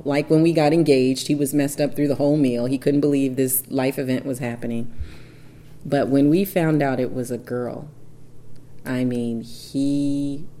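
Low-voiced woman telling a lively story. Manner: animated, acts out dialogue in quick bursts. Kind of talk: casual personal storytelling.

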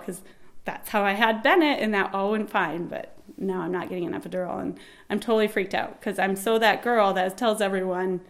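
A woman in her thirties recounts a personal birth story in a lively, animated way. She laughs often and acts out the shouted lines of the people in it. Her voice sits in a middle pitch. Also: a little fast.

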